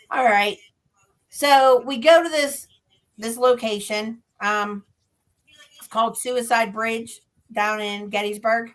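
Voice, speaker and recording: A woman with a bright, fairly high voice tells a spooky story. She is animated and laughs easily, and she acts out the people in her story. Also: takes it slowly, low-quality recording. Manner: lively, laughs often, acts out others' lines. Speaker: paranormal investigator guest.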